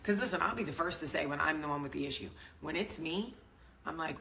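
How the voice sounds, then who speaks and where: A woman's voice: sits low, fairly quick, gravelly, bright, forceful tone, a little hiss or hum. A woman in her thirties with a New York-area accent, talking candidly to camera as a vlog host. She is blunt and self-mocking and swears freely. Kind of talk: casual chat to camera.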